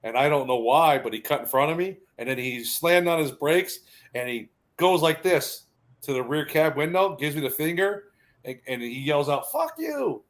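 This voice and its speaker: A man's voice: a little high, moderate pace. A man telling rambling anecdotes in casual chat, laughing often and restarting his sentences.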